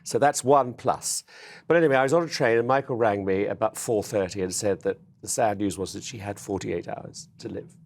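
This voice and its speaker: A man speaking as a guest in a TV news studio interview, remembering a late friend in a warm, rambling way. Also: fairly low pitch, brisk.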